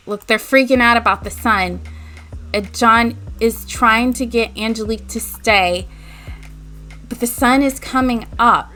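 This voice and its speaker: A woman's voice: a little high, a little slow, sharp tone, soft background music. A woman hosting a let's play, retelling the story of her game in a chatty way. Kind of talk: casual game narration.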